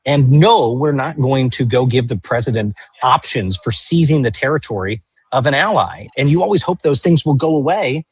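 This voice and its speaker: Husky male political show host. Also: medium pitch, lively intonation, moderate pace. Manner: stammering restarts, storytelling.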